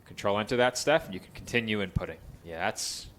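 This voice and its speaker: A man calling play-by-play for a college baseball game, chatty between pitches and lifting his voice for the action. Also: lively intonation, fast talker, fairly bright tone, a little hiss or hum. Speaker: play-by-play announcer.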